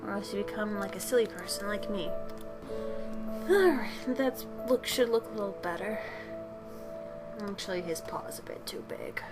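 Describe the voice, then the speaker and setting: A young woman chats casually as she draws at home, rambling and poking fun at herself. She sounds tired after a day of work, and clear music plays behind her voice. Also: medium pitch, expressive, moderate pace, pauses often. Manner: rambling, jokey and self-deprecating. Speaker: channel host. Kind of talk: casual chat while drawing.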